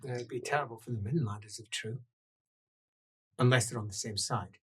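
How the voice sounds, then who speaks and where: A man voicing a blunt soldier woman who distrusts her own sister, speaking quietly in a husky voice. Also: a bass voice, fairly even intonation, fairly quick, voice pushed down, full character voice. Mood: grim. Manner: quiet, grim and matter-of-fact.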